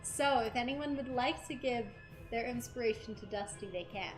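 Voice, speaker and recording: A woman narrating a tabletop game as dungeon master, describing scenes in an unhurried way and often giggling. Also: on the high side. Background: faint game music.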